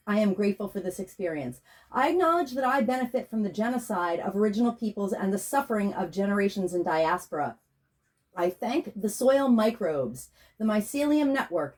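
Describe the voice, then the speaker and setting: An American woman spiritual healer in Pennsylvania, speaking slowly and soothingly as she leads a guided meditation, then chants a repeated prayer over a tarot reading. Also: medium pitch, a little mellow. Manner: slow, soothing, incantatory. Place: home, Pennsylvania.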